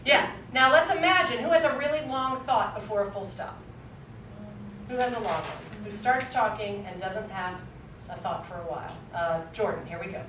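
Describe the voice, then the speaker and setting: A woman's voice: mid-range voice, normal speed, noisy background. A woman acting teacher leading a classroom drill, constantly quizzing her students and checking in with "right?". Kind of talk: classroom instruction. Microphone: far camera. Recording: echoey room from far off.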